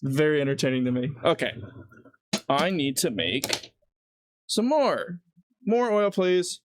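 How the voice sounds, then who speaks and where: A man's voice: on the high side, big pitch swings, unhurried, noisy background. A man livestreaming while he cooks at home, rambling casually and laughing at his own jokes. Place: home kitchen.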